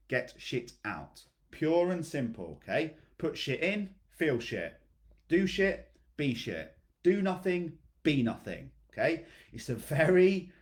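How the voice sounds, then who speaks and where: A man coaching his fitness clients in a blunt, motivational talk, calling on them by name and checking in with "okay?". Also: lowish voice. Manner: blunt, repeats "okay?", swears freely.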